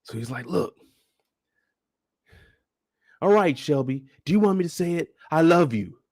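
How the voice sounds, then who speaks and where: A fairly high-voiced man talks through a show recap on a live stream, loose and animated, with a way of speaking. He jumps into squeaky put-on voices for the characters. The sound is dry and close, with no room around it. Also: unhurried, no echo. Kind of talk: casual live commentary.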